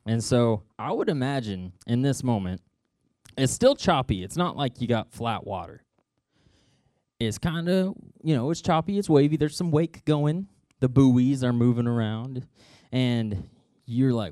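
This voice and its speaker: A man's voice: medium pitch, lively intonation, measured pace, mellow, no echo, studio quality. A man telling a Bible story to kids in a playful, joking way, adding sound effects and asides.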